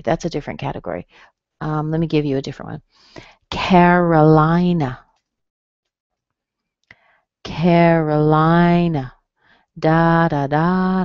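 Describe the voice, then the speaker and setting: Lady teaching pronunciation online, slow careful syllables, kinda dull dry audio. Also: low-pitched, vocal fry, darkish tone, dry recording. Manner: slow, careful, over-enunciated demonstrations of stress. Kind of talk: webinar lesson.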